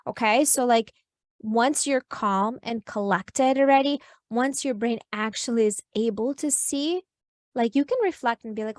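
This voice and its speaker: A woman's voice: fairly high pitch, normal speed, a little mellow, no room sound, clean studio sound. A woman coaching as an interview guest, explaining earnestly and filling her talk with "like" and "you know". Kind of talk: podcast interview advice.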